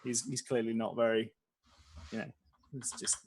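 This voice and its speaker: A man narrating a tabletop game as game master, playful and quick to laugh. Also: mid-range voice, fairly even intonation, darkish tone, slight background noise.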